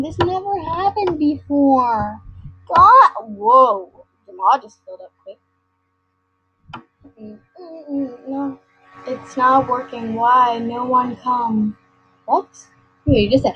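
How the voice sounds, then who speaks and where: A high-pitched girl chatters through her gameplay in an unhurried, silly, rambling way, breaking into sing-song bits. The sound is a little dull and lo-fi, with faint game music underneath. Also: fairly bright tone, slight background noise. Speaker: gamer recording her screen. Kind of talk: casual gameplay commentary. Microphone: computer mic.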